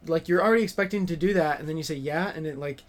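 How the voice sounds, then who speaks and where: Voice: mid-range voice, very fast. An American podcast host in casual chat, asking curious questions and laughing often. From United States.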